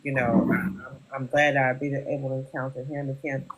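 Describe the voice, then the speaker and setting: A husky-voiced host of a live audio talk show, speaking earnestly with a fair amount of emotion. The talk circles back on itself with repeated phrases and plenty of 'you know'. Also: mid-range voice, flat delivery, brisk, rough recording. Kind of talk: casual chat.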